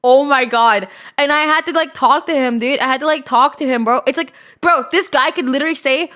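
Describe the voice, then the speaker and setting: A woman streamer talking to her chat in a high, bright, ringing voice. She rambles through stories, swears freely and gets worked up fast. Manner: excitable, swears often, shouts and laughs. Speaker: streamer reacting live. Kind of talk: casual livestream chat.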